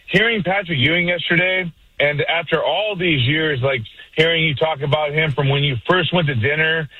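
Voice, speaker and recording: A man's voice: on the high side, pushed and bright, slightly rough, no room sound. A man calling into a sports radio show, rambling with enthusiastic praise over a phone line. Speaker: caller. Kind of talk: casual call-in chat.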